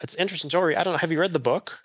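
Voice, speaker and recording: A man co-hosting a podcast, speaking in a hesitant, halting way during a casual film discussion. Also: fairly high pitch, fairly bright tone. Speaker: podcast co-host.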